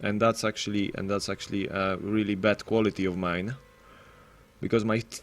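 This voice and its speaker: A man's voice: on the low side, little pitch movement, normal speed. Rambling self-deprecating male game caster. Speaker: esports caster and streamer. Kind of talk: casual live stream commentary.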